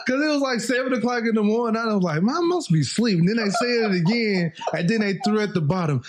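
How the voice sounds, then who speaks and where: A man's voice: high-pitched, fast, background noise. A young man co-hosting a podcast, telling stories in casual chat and laughing often. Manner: laughs often, animated storytelling. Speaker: podcast co-host.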